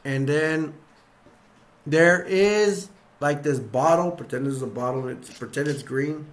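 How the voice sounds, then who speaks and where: A man's voice: fairly high pitch, a little slow. A man casually retelling movie scenes in a rambling way, acting out the characters' lines. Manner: rambling, acts out lines, lots of fillers. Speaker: video reviewer.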